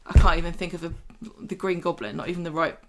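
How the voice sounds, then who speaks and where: A woman, co-hosting a podcast and retelling episodes in a chatty, animated way with quick asides. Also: on the low side. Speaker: podcast co-host. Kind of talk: casual recap chat.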